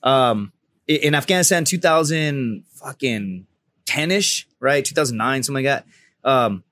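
A man in his thirties, a podcast guest, telling a story in casual, profane talk and loudly acting out the people he quotes. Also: mid-range voice, animated, unhurried, dry recording, studio quality.

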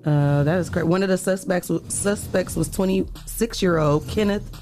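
A co-host talking casually in a radio studio, lively and quick to laugh, who also reads a news story aloud. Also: female voice, lowish voice, soft background music.

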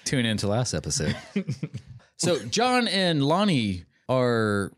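A man's voice: mid-range voice, wildly swooping pitch, slow pace, no echo. A man co-hosting a podcast in casual chat, rambling with fillers and laughing often. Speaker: podcast co-host.

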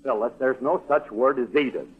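A man's voice: mid-range voice, brisk, breathy edge, soft background music, lightly acted. An actor playing a boastful, ungrammatical bandleader husband and father in a 1940s radio sitcom. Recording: tinny old radio broadcast.

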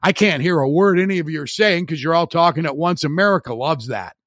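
Blunt, opinionated sports podcast host. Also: male voice, on the high side, fairly quick, fairly bright tone, no room sound, clean studio sound. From Chicago area. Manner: opinionated, blunt and wry, with frequent restarts. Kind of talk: sports talk monologue.

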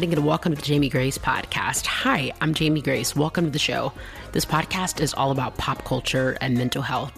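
Bubbly chatty woman podcast host. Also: vocal fry. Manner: bubbly, chatty, laughs often, high excited spikes. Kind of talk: casual solo podcast chat.

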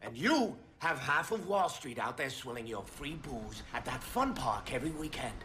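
An actor playing a haughty, wealthy man who sneers at others and flares into shouting, in a film scene. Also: mid-range voice, lively intonation, moderate pace, noisy background, natural voice. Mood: scornful. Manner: scornful, bursts into shouting. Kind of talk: film drama acting.

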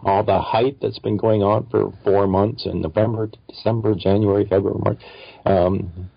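A man from Canada with a low, husky voice chats easily on a podcast. The sound is dry and dull. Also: fairly even intonation, moderate pace, no echo. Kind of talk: casual chat. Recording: dry, muffled lo-fi audio.

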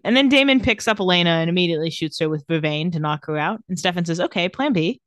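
A woman's voice: fairly low pitch, expressive, no echo, clean studio sound. A woman co-hosting a casual podcast, recapping a TV episode in an offhand, joking way. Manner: recaps scenes in a quick, offhand voice with laughs. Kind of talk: casual chat.

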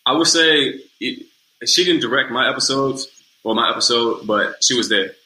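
A man's voice: medium pitch, moderate pace, sharp tone. A young man and working actor telling stories casually in an interview, repeating words and using plenty of fillers like "you know what I'm saying". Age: young adult. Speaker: guest actor. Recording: echoey room.

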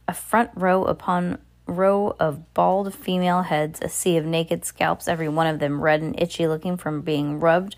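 Low-voiced woman reading a novel aloud. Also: steady tone, moderate pace, hardly any pauses. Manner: casual amateur reading with stumbles and restarts; asides to a listener beside her. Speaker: reader.

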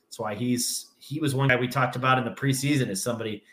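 A man, a high school basketball coach, co-hosting a sports podcast with relaxed, chuckling analysis. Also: quick pace. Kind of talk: casual sports podcast chat. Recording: echoey room.

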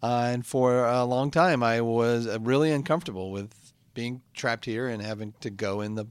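Earnest put-upon man stuck in hell, as a comedian puts him on, mid pitch, dry close sound, flustered. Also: smooth, no room sound, lightly acted. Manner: earnest, flustered, quickly excitable. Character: man trapped in a hell podcast studio, cheerful and put-upon. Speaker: comedy podcast host. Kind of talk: improvised comedy sketch.

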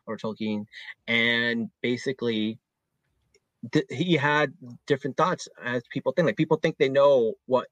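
A man hosting a podcast in relaxed casual chat, talking loosely with plenty of "like" and "man". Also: mid-range voice, a little slow, dry recording. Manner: easygoing, filler-heavy talk with many "like" and "man". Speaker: podcast host.

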